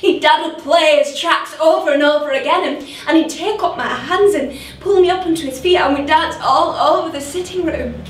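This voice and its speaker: A woman's voice: sits high, lightly acted. A woman playing a lonely grown woman, a drunk, who keeps repeating herself in a stage monologue. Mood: bitter. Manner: halting, repeats her words. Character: lonely grown woman, a drunk, waiting for her late dad. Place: theatre stage. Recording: roomy theatre heard from a distance.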